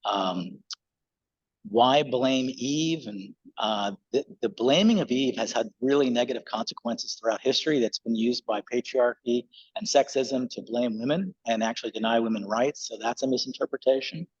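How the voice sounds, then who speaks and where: Husky male pastor, casual sermon. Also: medium pitch, moderate pace, muffled recording. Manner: conversational, relaxed, with fillers. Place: church.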